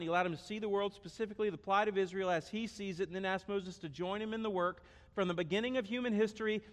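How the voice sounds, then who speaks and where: A man preaching a sermon, emphatic and repeating key phrases. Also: high-pitched. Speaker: pastor. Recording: echoey hall.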